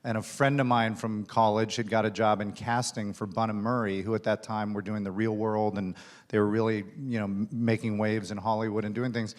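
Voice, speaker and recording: Low-voiced man telling a career story. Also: level tone, a little fast. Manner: anecdotal, self-deprecating, many fillers. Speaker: studio executive, keynote guest. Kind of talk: onstage conversation, storytelling. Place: conference stage.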